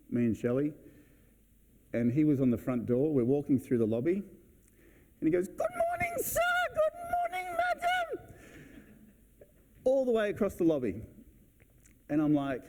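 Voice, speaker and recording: Man, event speaker, casual anecdotes, mellow warm tone, mid pitch. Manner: casual, anecdotal, restarts and acts out scenes. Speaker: keynote speaker at a real estate event. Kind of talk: motivational talk with storytelling. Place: event hall on stage.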